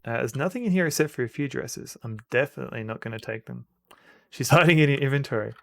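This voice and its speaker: Gravelly man chatting over gameplay. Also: medium pitch, fast, no echo. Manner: rambling, self-interrupting, reads game text aloud. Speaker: streamer. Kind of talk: casual gameplay commentary.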